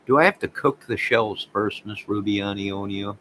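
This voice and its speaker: A man hosting a casual livestream, rambling excitedly and talking to viewers by name. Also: on the low side, moderate pace, a little hiss or hum, low-quality recording. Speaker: livestream host reading chat.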